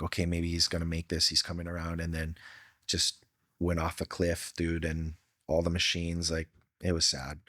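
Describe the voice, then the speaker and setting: A man's voice: deep voice, a bit bright, no room sound, studio quality. A middle-aged man from Hawaii, a podcast guest telling personal stories in an earnest, heartfelt way with casual slang. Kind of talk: candid storytelling.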